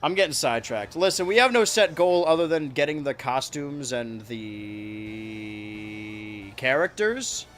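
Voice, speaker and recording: A man streaming a kart racing game, rambling and joking to his chat with sudden excited yelps. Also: on the high side, a little slow, slight background noise. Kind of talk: live-streamed gameplay commentary.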